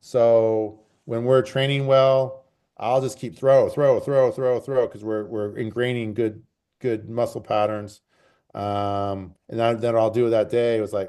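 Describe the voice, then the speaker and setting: A man who coaches track and field, answering interview questions in a relaxed, rambling way and repeating phrases for emphasis. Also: medium pitch, measured pace, smooth. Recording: call recording.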